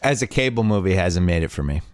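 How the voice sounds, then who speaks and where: A man's voice: low voice, lively intonation, fast talker, dry recording, studio quality. A man hosting a podcast, chatting casually with strong, joking opinions. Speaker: podcast host.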